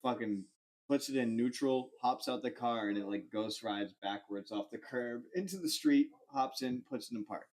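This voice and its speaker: A young man hosting a podcast, telling a rambling, animated anecdote full of fillers and swearing. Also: mid-range voice, normal speed. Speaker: podcast host. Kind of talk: casual storytelling.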